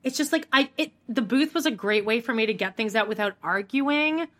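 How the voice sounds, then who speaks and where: Woman, podcast co-host, bright tense voice, higher pitch, animated, acts out quotes, swears. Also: brisk. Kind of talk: casual recap chat.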